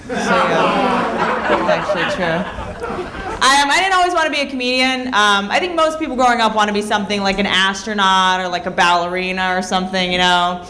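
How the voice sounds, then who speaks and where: Deadpan woman comic at a club. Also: medium pitch, brisk, some chatter behind, a little hiss or hum. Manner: deadpan, self-mocking one-liners. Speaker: stand-up comedian. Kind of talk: stand-up routine. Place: comedy club stage. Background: audience laughing.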